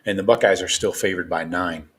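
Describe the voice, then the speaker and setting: A man's voice: low-pitched, fairly even intonation, a little fast, a bit bright. A man hosting a live sports stream, talking loosely and rambling as a partisan fan. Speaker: live show host.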